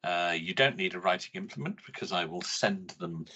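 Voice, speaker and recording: Bloke setting a quiz, husky, teasing, voice bounces around a lot. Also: male voice, low-pitched, animated, a little fast, sharp tone, lo-fi sound. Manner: dry, teasing. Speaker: podcast co-host, quiz setter. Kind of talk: casual chat.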